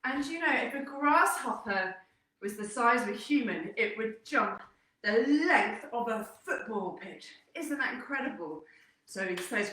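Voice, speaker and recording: A young woman leading a children's workout, telling a story with upbeat, animated encouragement. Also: fairly high pitch, unhurried. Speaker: kids' fitness instructor. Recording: echoey room, distant mic.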